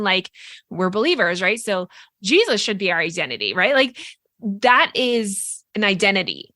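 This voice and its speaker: Bright-voiced earnest woman podcast host. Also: medium pitch, no room sound, clean studio sound. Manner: earnest, explaining with many "like" and "right?". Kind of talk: casual reflective chat.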